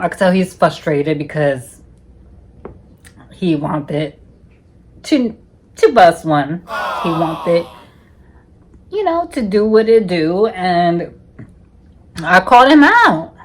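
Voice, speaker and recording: A woman's voice: on the low side, very animated, takes it slowly, long pauses. Sassy woman telling a raunchy story. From United States. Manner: sassy, profane, calls listeners honey constantly. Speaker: storytime vlogger. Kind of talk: casual storytelling.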